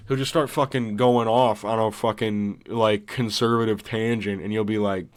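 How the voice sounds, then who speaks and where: A man's voice: on the low side, steady tone, moderate pace, hardly any pauses. A young man giving casual, rambling commentary, full of swearing and laughter. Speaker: vlogger.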